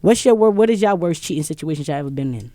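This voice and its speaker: A woman's voice: low-pitched, animated, quick pace, mellow, dry recording. Give me a New woman hosting a podcast round table, loose and profane, in a dry close-miked sound. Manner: loose, profane, laughing storyteller. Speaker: podcast host. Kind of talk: casual podcast chat.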